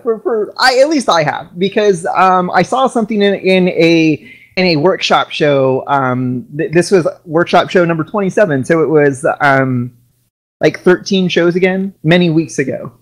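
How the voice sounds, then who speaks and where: A woman from Washington state hosting a casual podcast chat, talking in halting starts and restarts that build into a rant. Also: on the low side.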